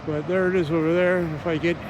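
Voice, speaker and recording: A man's voice: a little high, little pitch movement, dull audio. A man walking outdoors with a handheld camera, narrating a travel vlog in a rambling way with many fillers and restarts. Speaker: travel vlogger. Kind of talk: casual walking commentary. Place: outdoors, walking through a small coastal town. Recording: outdoor noise with rushing water.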